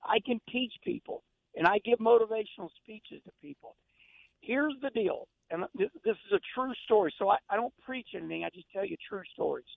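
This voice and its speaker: Gravelly, high-pitched man on a phone line. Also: lively intonation, fairly quick, dry recording. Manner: emphatic, repeats words and restarts, folksy. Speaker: guest, former race car driver. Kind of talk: casual radio chat.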